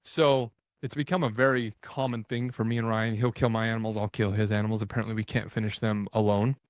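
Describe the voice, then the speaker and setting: A man, a podcast guest, telling a story in a casual, animated way, full of "like" and scenes he acts out. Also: lowish voice, quick pace, dry recording, studio quality. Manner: animated, retells scenes with quoted dialogue and filler "like".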